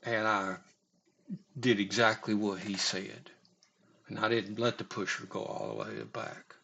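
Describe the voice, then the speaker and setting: A man's voice: on the low side, fairly even intonation, a little slow, creaky, bright, forceful tone, a little hiss or hum. A man casually telling a story, rambling and profane, often stopping to restart his sentences. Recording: dull lo-fi recording.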